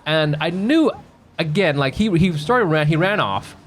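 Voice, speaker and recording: A man co-hosting a podcast from a home bedroom, chatting casually and telling a story with lively, acted-out bits. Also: a little high, measured pace. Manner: animated storyteller who acts out his own yelling. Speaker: podcast co-host. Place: home bedroom used as a quiet room.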